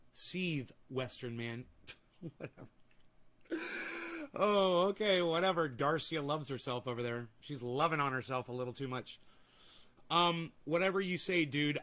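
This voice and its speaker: Young male streamer, high and very bright voice, profane and mocking. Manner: profane, combative, sarcastic. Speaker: livestream host. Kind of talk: ranting livestream chat.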